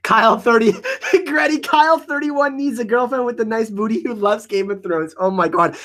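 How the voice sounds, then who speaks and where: A man hosting a casual live Q&A stream, reading the chat; excitable, laughing often and saying "like" a lot. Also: high voice, normal speed. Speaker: livestream host answering chat.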